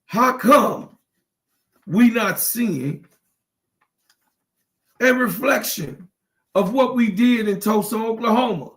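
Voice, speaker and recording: A man's voice: high-pitched, slow pace, long pauses, fairly bright tone. A man hosting his own livestream, talking in an impassioned, preachy way, repeating lines for emphasis and near tears. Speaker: channel host.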